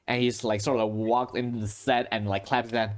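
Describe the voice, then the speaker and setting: A man narrating as game master, rambling with lots of fillers and soft chuckles. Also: mid-range voice, little pitch movement, fairly quick.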